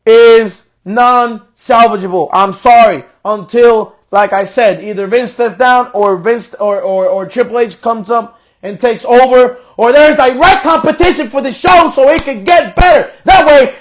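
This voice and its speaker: A young man with a strikingly high-pitched voice hosts his own podcast. He rants in frustration and swears constantly while reviewing a wrestling show, sometimes rising almost to shouting. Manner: frustrated ranting with heavy profanity. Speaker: podcast host.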